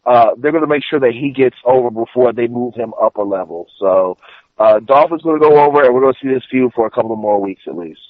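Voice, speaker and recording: A man's voice: mid-range voice, quick pace, no room sound. A man giving rambling, filler-heavy opinions as a podcast panelist. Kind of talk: casual podcast chat. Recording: dry phone-like line.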